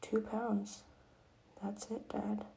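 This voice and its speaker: A woman's voice: mid-range voice, little pitch movement, extremely slow, dark tone. A woman voicing a scheming, vengeful young girl in a whispered role-play. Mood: sly.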